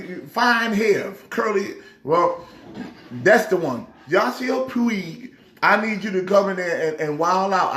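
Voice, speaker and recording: This man's voice is high and a bit bright. He's a pastor doing casual sports chat to camera for his vlog, emphatic and rambling as he trash-talks, with the room audibly echoey.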